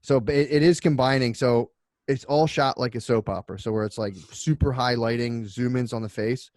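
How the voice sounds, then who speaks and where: A man at a mid-range pitch, talking close to a dry studio mic with no room sound. He rambles through a comic story, acting out bits of dialogue and laughing often. The tone is loose podcast banter. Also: fairly even intonation, brisk, darkish tone, no echo. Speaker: podcast co-host.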